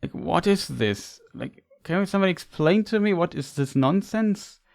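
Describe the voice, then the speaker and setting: A man's voice: high voice, animated, moderate pace, vocal fry. A man playing a video game and ranting in exasperation about its design, often stumbling and repeating words when upset. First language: German. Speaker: let's play gamer. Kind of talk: frustrated gameplay commentary.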